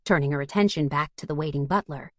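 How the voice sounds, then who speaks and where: A woman narrating a fantasy audiobook in a steady storytelling manner. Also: deep voice, fast talker, no room sound. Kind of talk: scripted narration.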